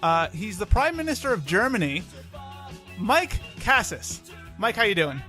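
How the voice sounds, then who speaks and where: A man's voice: sits high, measured pace, soft background music. Joking young man hosting a podcast. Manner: joking and self-deprecating, animated. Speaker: podcast host. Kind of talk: casual podcast chat.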